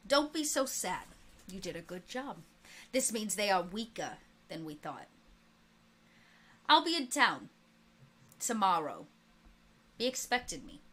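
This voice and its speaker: A woman voicing a calm, quietly threatening male mob boss in a tabletop game. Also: sits high, a little slow, pauses often, full character voice. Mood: calm menace.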